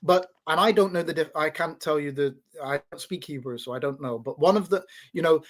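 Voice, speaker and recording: A man with a slightly higher voice than most talks through an explanation in a loose, casual way. He stumbles and restarts often, repeats his words, and keeps checking in with his listener. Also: brisk. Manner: teaching tone, checks in with "right?". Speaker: podcast host.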